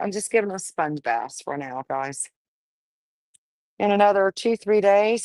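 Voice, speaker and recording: A woman's voice: fairly low pitch, very animated, unhurried, pauses often, darkish tone, dry recording. A woman breeding dogs, casually livestreaming while she firmly coaxes a wriggling puppy, talking in a folksy way. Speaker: dog breeder.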